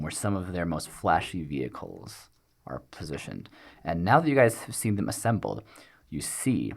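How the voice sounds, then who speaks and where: Game master, man, lower register, expressive, hesitant scene-setting. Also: vocal fry. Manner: hesitant, many ums while describing scenes. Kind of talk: narrating a tabletop game.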